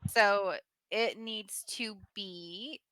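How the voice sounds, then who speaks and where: A woman playing a tabletop game, excitably talking through rules and dice rolls. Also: mid-range voice, drawn-out words, clean tone, no echo. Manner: excitable, explains rules aloud. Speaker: player.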